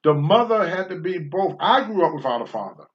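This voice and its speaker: A man's voice: high-pitched, big pitch swings, a little fast, muffled recording. An older man hosting a talk show, answering viewer questions in a blunt, preachy monologue and swearing freely.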